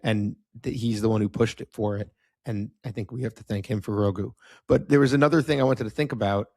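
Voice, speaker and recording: A man's voice: on the low side, fairly quick, creaky, a little mellow, dry recording, studio quality. A man co-hosting a film podcast, giving his opinions in a candid, offhand way and swearing casually. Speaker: podcast co-host. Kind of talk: casual film review chat.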